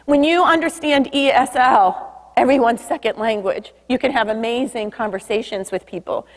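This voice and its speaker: A woman giving an energetic public talk about body language, leading the audience to repeat after her. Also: on the high side, normal speed. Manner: lively, leads audience call-and-response. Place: stage in a large hall. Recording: long hall reverb.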